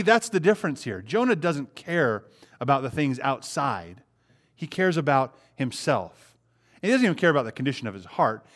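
A pastor with a medium-pitched, fairly bright voice preaches conversationally. He asks the congregation rhetorical questions and acts out short quotes.

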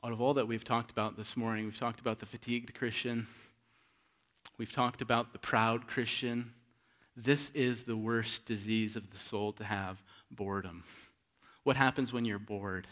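A pastor preaching a sermon, asking rhetorical questions and swinging between hushed and loud, emphatic delivery. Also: male voice, fairly low pitch, steady tone, moderate pace.

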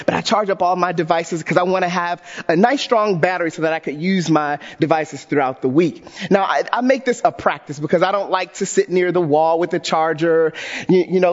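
A male pastor preaching a sermon, telling an animated story with self-deprecating humor in a church. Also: high voice, big-room sound, lo-fi sound.

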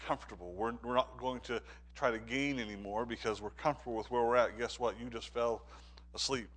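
A man preaching a sermon, often repeating and restarting words as his delivery swings from quiet reflection to urgent, rising exhortation. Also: mid-range voice, fairly even intonation, fairly quick. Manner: stammering restarts.

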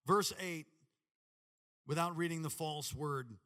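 A man preaching a sermon with animated, dramatic delivery and sudden shouts. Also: a little high, takes it slowly, long reverb tail. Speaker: pastor.

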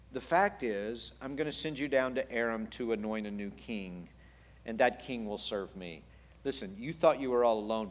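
A man voicing God as a gentle, patient speaker who asks softly and calmly during a sermon. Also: mid-range voice, close to an everyday voice. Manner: soft, calm, patient.

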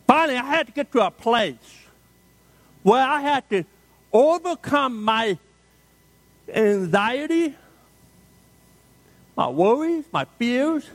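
A pastor preaching a sermon, telling the story dramatically and repeating refrains for emphasis. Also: male voice, extremely high pitch, expressive, takes it slowly, long pauses, no room sound.

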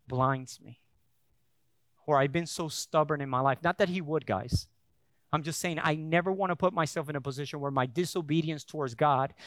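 A man preaching a sermon in a church, his voice pitched high and recorded close and dry with no room sound. He tells stories in a chatty way, stumbling and restarting, then builds up to emphatic preaching. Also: fairly bright tone, no echo. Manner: conversational storytelling with frequent restarts. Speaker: pastor.

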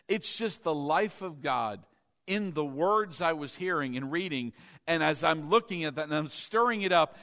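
A man preaching a sermon as pastor, animated, breaking into laughter and acting out voices. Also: high-pitched.

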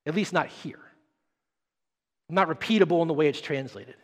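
High-voiced male preacher, dramatic, echoing church. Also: normal speed, pauses often, slightly rough. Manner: dramatic, swinging between hushed and loud emphatic delivery. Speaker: pastor. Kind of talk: sermon.

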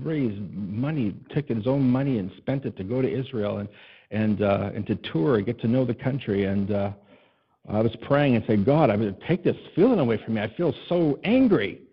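In a sermon, a middle-aged pastor with a husky, slightly breathy voice shares personal stories warmly, laughing at himself. His fairly low voice moves briskly, swinging from loud emphasis to hushed, tender lines, and the recording is dull and somewhat lo-fi.

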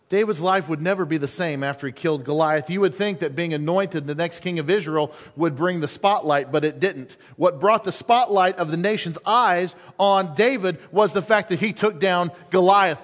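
A pastor with a high voice delivers a storytelling sermon with animated emphasis. His voice rings through a reverberant church auditorium. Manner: animated storytelling, shifts between quick and slow emphasis. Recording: echoey hall.

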